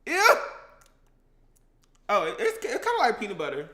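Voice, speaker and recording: A man's voice: sits high, huge pitch swings, rapid-fire, fairly bright tone. A man with casually chatting while cooking on a vlog, playful and chatty, now and then breaking into song. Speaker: cooking vlogger.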